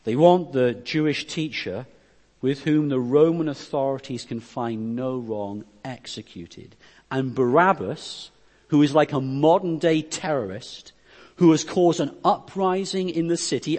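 An unhurried, mid-range male voice with a darkish tone delivers a sermon, reading out scripture verses and unpacking them. His intensity climbs and drops, and the hall gives a long reverb.

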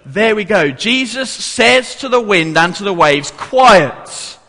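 A playful man leads a children's Bible story in church, drawing the congregation in as he goes. His voice sits high and bright and swoops animatedly. The long reverb of a large hall trails behind every line. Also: animated, a little slow, vocal fry. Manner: playful, coaxing the audience to join in. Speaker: church leader giving a children's talk. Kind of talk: interactive children's Bible talk.

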